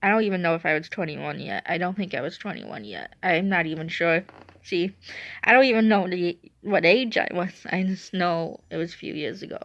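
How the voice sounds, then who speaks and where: A woman's voice: fairly low pitch, expressive, brisk, fairly bright tone, dry recording. A woman in her twenties telling a story in a casual, rambling way and often correcting herself. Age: 20s. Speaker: vlogger. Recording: dry, dull lo-fi recording.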